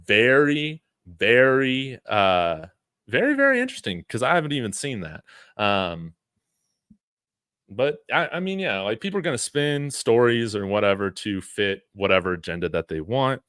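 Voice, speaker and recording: A sports channel host with a lowish, clear and resonant voice talks a little slowly, captured cleanly in the studio without echo. Relaxed and rambling, he reads viewer messages aloud with plenty of fillers and chuckles.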